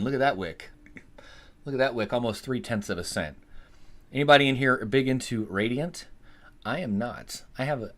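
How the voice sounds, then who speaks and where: Man chatting loosely on a live stream. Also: on the low side. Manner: rambling, swears freely, talks to chat. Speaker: livestream host. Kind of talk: casual live-stream chat.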